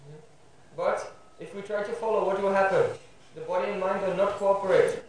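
A man gives a devotional class in a strongly echoing room, heard from a distance with faint ambience behind. His voice sits high for a man. He often pauses to check in with a questioning "hmm?". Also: fairly even intonation, slight background noise. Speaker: spiritual teacher giving a class. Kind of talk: devotional lecture. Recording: very echoey room, voice far from mic.

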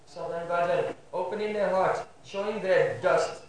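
Heard far from the mic in a strongly reverberant room, a man teaches a devotional lecture with fairly even intonation. His pitch runs high for a male voice, and he keeps checking in with listeners through a questioning "hmm?". Faint ambience and slight background noise sit behind him.

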